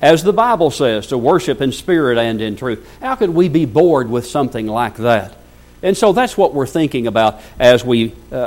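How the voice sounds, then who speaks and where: A man's voice: mid-range voice, darkish tone. A male preacher giving a sermon, reading scripture aloud and asking the congregation rhetorical questions. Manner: reads scripture aloud at length.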